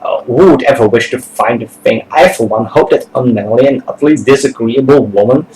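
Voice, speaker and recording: A man's voice: medium pitch, a little mellow, slight background noise, natural voice, rough recording. A man voicing a melancholy, fussy aristocrat from a game, with a florid, sniffy way of talking.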